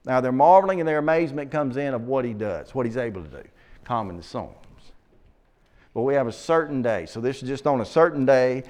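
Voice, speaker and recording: A man leading a Bible study, reading scripture aloud slowly and asking his listeners questions. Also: medium pitch, lively intonation, darkish tone. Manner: reads scripture aloud slowly, then asks the class questions.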